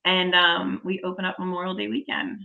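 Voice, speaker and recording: A woman's voice: on the low side, little pitch movement, brisk, creaky, pushed and bright, lo-fi sound. A woman in her forties, a podcast guest, telling a story in casual, enthusiastic chat.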